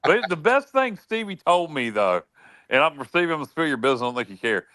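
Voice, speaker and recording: A middle-aged man, hosting a sports chat show. His voice is bright and crisp, close and dry, and he rambles and jokes crudely. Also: fairly high pitch, sing-song, fast, no echo. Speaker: sports talk show host. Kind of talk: casual chat.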